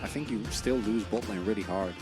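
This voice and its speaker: A man's voice: fairly low pitch, a little fast, music in the background. A man from the Netherlands doing color commentary on an esports match in a playful, joking way. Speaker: esports co-caster.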